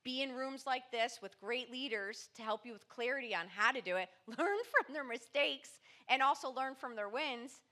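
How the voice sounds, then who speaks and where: Bright-voiced woman, punchy motivational delivery. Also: high voice, normal speed, hardly any pauses. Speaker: mindset coach and motivational speaker. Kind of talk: podcast interview.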